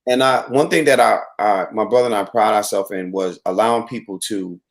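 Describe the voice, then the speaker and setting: A man's voice: on the low side, brisk, slight background noise. A man, the host, speaking in an earnest, reflective way with frequent restarts. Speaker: host and venue owner. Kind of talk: casual chat.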